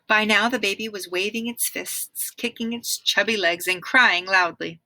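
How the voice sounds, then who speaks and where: Woman narrator for a read-aloud chapter book, expressive, bright, close dry sound. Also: medium pitch, moderate pace, few pauses, no room sound, rough recording. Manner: clear, expressive storytelling with asides to listeners. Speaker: reader. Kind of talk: reading a children's book aloud.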